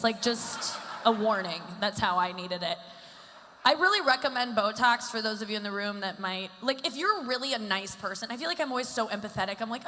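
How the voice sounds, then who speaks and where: A woman's voice: a little high, lively intonation, brisk, sharp tone. A woman in her thirties doing a stand-up set on a stage mic, rambling and self-deprecating with lots of fillers. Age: 30s. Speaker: stand-up comedian. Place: comedy stage in a large hall. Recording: live venue with long hall reverb.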